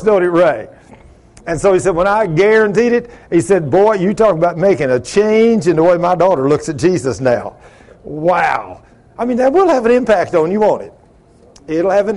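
Preacher, male, high-pitched, storytelling sermon style, prods the congregation with questions. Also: darkish tone. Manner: asks the congregation rhetorical questions, acts out quoted dialogue.

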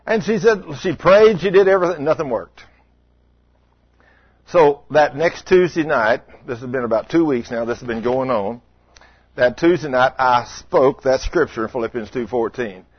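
A man's voice: a little high, breathy edge, no echo. A middle-aged man preaching a sermon, telling stories in a folksy, conversational way and putting questions to the congregation. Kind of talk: sermon with storytelling. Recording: dull lo-fi sound.

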